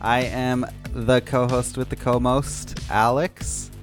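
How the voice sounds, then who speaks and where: A man's voice: medium pitch, little pitch movement, slow pace, music in the background. A man co-hosting a movie podcast, joking and laughing often in casual chat. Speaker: podcast co-host.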